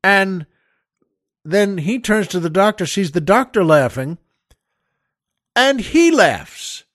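Exasperated high-voiced man telling a story. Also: sing-song, slow, fairly bright tone, dry recording, clean studio sound. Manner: exasperated, digressive, incredulous. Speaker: podcast host. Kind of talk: comic storytelling monologue.

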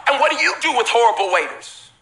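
A man preaching a sermon as pastor to a live church congregation, emphatic and repetitive with bursts of shouting and casual joking asides. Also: very high-pitched, big pitch swings, quick pace, noisy background.

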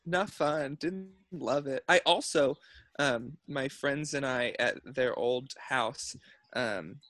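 A man's voice: mid-range voice, takes it slowly, a bit bright, no echo. A man co-hosting a podcast, chatting casually and telling a story with lots of fillers. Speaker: podcast co-host. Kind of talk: casual chat. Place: at his parents' house.

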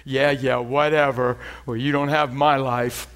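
A preacher voicing a bitter skeptic who brushes off good news with self-pity. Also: male voice, mid-range voice, level tone, measured pace, a bit bright, clean tone, pitched below the performer's own voice, lightly acted. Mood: dismissive. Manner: dismissive, self-pitying. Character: dismissive grieving skeptic, man, bitter.

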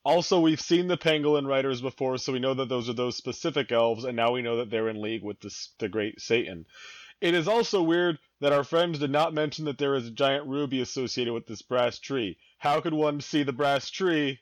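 A man playing a tabletop game, reasoning things out in a wry, deadpan way. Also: mid-range voice, brisk, no room sound. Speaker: player. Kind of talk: casual tabletop game chat.

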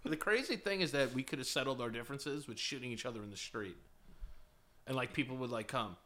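A man's voice: mid-range voice, brisk, fairly bright tone. A man in his thirties co-hosting a comedy podcast, riffing with crude, rambling, playful banter. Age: 30s. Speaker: podcast co-host.

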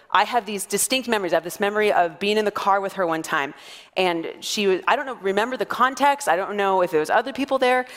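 A woman's voice: mid-range voice, fairly bright tone, big-room sound. Playful woman pastor preaching. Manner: playful, laughing storyteller. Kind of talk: sermon.

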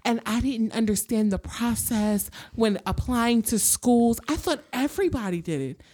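Profane, ranting young woman, higher pitched. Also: animated, moderate pace, a little mellow. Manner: profane, heated, sarcastic ranting. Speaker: podcast co-host. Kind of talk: casual chat rant.

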